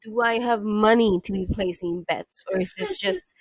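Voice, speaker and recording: A woman's voice: mid-range voice, sing-song, normal speed, no echo, poor audio. Playful woman doing gaming commentary. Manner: playful, chatty, sings to herself. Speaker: gamer. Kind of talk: let's play commentary.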